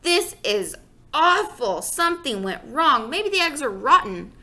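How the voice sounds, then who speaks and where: A woman's voice: high-pitched, animated, normal speed, pushed and bright, pitched above the performer's own voice, heavily acted. A woman voicing a cheerful dad who is proud of his cooking, reading a children's book aloud. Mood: dismayed.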